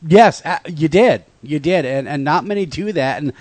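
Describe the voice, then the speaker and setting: A male radio host talking in an interview in a halting, heartfelt way. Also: a little high, expressive, a little mellow, no room sound. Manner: halting, heartfelt, with many restarts.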